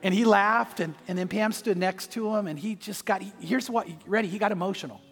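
A man's voice: sits high, a little fast, gravelly, in a large hall, faint music behind. A man preaching a sermon as pastor, telling a personal story and acting out the voices in it. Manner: storytelling, acts out voices in anecdotes.

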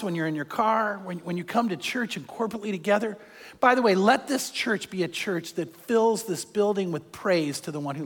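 An older man, a pastor and grandfather, preaching a sermon with animated storytelling and acted-out quotes. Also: sits high. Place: church hall with long reverb. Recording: reverberant hall.

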